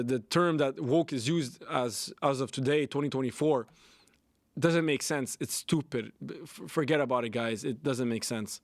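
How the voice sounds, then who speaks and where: A man's voice: a little high, no room sound, studio quality. A young man hosting a solo podcast, ranting bluntly with lots of swearing and repetition. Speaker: podcast host. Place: Canada.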